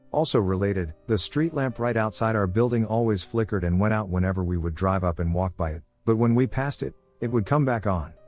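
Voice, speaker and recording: A man with a fairly low voice reads creepy first-person tales as scripted horror narration. His delivery stays calm and steady from line to line. Faint music plays beneath him. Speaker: voice actor narrating scary stories.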